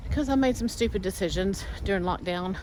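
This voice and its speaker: A woman's voice: medium pitch, fast talker, background noise. A woman in her forties talking candidly in a personal vlog, rambling with many fillers. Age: 40s. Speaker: vlogger.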